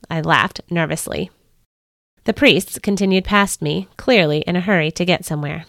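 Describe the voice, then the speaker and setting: A woman's voice: fairly low pitch, normal speed, creaky, fairly bright tone, no room sound, clean studio sound. A woman hosting a devotional podcast, reading a story aloud with earnest expression.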